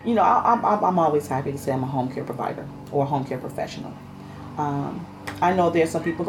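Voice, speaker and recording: A woman's voice: lowish voice, racing, noisy background. Passionate woman home care worker. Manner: passionate, animated storytelling. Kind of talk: oral history interview.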